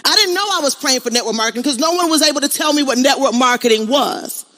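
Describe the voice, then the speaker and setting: A woman's voice: high voice, quick pace, a bit bright. A middle-aged woman giving a motivational stage speech, emphatic and preachy, repeating lines and calling out to the crowd. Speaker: motivational speaker. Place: on stage at an event.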